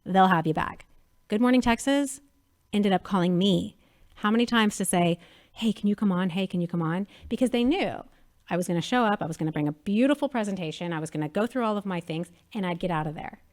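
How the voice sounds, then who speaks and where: A woman in her thirties, a media company president chatting as an interview guest, telling lively stories and acting out quotes. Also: mid-range voice, brisk. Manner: animated storyteller, acts out quotes. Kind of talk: casual interview chat.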